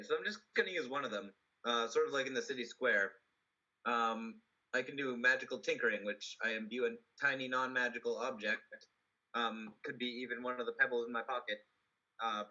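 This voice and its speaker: Hesitant bright-voiced player, lo-fi. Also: male voice, mid-range voice, fairly quick. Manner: hesitant, lots of ums and likes. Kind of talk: tabletop game play.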